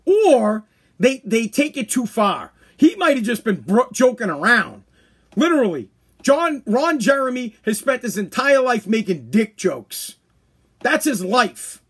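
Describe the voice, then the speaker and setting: Crude high-voiced man ranting. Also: a little slow, husky. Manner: blunt, crude and animated, slips into mock voices. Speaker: podcast host. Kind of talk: ranting commentary.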